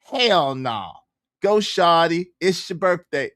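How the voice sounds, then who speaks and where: A man hosting a casual reaction livestream, loud and slangy, laughing often. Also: a little high, animated, slow, no room sound. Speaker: livestream commentary host.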